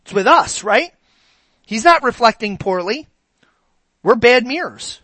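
A preacher giving a sermon, animated and asking the congregation rhetorical questions. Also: medium pitch, unhurried, dry recording, rough recording.

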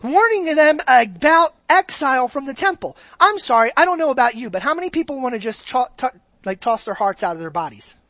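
A woman's voice: high-pitched, big pitch swings, brisk, a bit bright, dry recording. A woman preaching a sermon in a conversational way, often checking in with the congregation. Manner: conversational, keeps checking in with the audience.

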